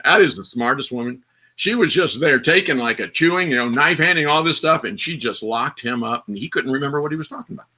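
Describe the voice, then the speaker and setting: A man's voice: fairly high pitch, fast, few pauses, sharp tone. A man hosting a livestream panel, telling a long rambling story with restarts, acted quotes and laughter. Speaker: livestream host. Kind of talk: casual panel chat, long rambling anecdote.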